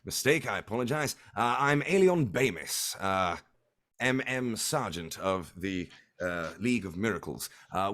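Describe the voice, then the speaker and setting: A courteous male mage on official patrol, polite and formal, often tripping over his words, as a man puts him on. The voice sits somewhat above the performer's own low pitch. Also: a bit bright. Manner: polite, formal, a little fumbling.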